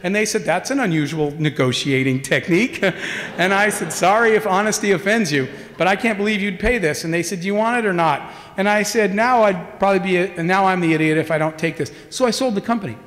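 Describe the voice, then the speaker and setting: A middle-aged man giving a conference keynote, telling stories and acting out the dialogue in them with lively energy. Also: high voice, brisk. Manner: animated storyteller acting out quoted dialogue. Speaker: keynote speaker. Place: large conference hall. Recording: long hall reverb.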